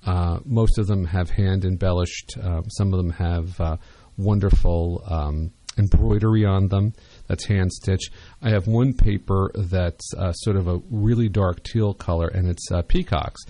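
Deep, mellow-voiced male radio host. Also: steady tone, a little slow, few pauses. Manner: conversational, rambling with many fillers and restarts. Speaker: radio show host, interior designer. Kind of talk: radio talk show advice.

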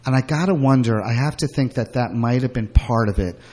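A man's voice: medium pitch, fairly quick, darkish tone. Casting: middle-aged man, guest, rambling candid storyteller with lots of fillers. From Brooklyn. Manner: rambling, frequent fillers and restarts.

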